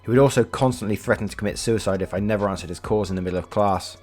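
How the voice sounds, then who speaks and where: A male narrator reading online posts aloud in a low-pitched, casual voice. He swears freely and chats between passages. Faint music plays behind him. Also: racing, darkish tone. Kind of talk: reading Reddit stories aloud.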